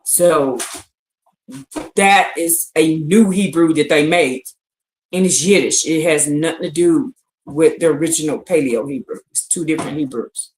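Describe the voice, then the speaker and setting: A woman's voice: low-pitched, unhurried. A woman teaching scripture on a casual livestream, repeating her points with emphasis and checking in with listeners. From United States. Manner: repetitive, emphatic, often asks "you see what I'm saying?". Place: indoors on a livestream, answering chat. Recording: roomy echo.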